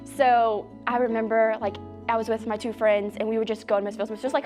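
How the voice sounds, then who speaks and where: A young adult woman, a high school student telling her story in an interview and acting out quoted voices. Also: a little fast, faint music behind. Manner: animated, acts out quoted voices.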